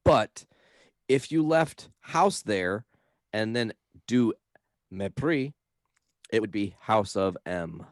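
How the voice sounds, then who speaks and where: A man co-hosting a podcast in casual chat, easygoing and quick to laugh. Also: lowish voice, lively intonation, no room sound, studio quality. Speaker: podcast co-host.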